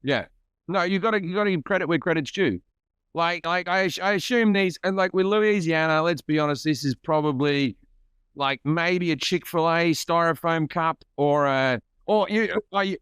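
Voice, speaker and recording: Male comedian guest: smooth tone, slightly high, stammers and restarts, self-mocking, dry close mic. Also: normal speed, fairly bright tone, no echo. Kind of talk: casual podcast chat.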